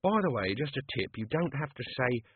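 Old grumbly servant guy, man reading, dry and husky, sounds like a phone. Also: medium pitch, big pitch swings, a little fast, no room sound. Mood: wry, wary. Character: Albert, old male servant, dry and wary. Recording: tinny phone-like audio.

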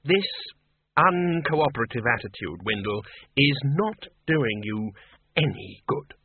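A man's voice: mid-range voice, big pitch swings, slow pace, breathy edge, dry recording, full character voice. A man voicing a bossy, blustering older male head wizard who snaps orders. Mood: brusque. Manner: brusque, commanding, snappish. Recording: tinny phone-like, dry audio.

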